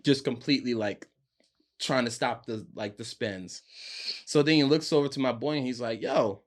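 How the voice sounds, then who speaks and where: A young man, a podcast guest, telling a story in casual chat, animated and laughing, acting out his friends' lines. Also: medium pitch, normal speed.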